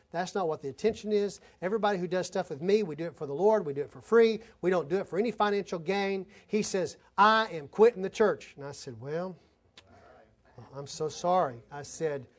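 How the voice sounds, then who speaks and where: A man's voice: sits high, darkish tone. A man preaching a conversational sermon to his congregation, telling stories and talking straight to the folks in the room. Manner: conversational preaching, addresses folks directly, tells anecdotes. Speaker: pastor.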